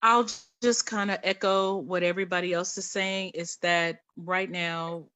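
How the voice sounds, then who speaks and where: A woman's voice: on the low side, fairly even intonation, a little slow, sharp tone, clean tone. A woman speaking as a guest in a casual panel discussion, telling personal stories in a chatty way.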